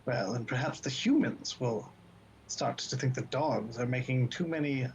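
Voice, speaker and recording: A man's voice: moderate pace, slight background noise. A man playing a polite, plotting cat in a tabletop game. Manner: formal, polite, lively pitch. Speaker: player.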